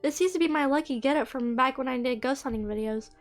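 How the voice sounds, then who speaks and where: A woman's voice: high voice, fast talker, soft background music, natural voice. A woman voicing a cheerful, chatty young woman who has just woken up, in a game playthrough. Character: cheerful sleepy young woman, friendly cousin.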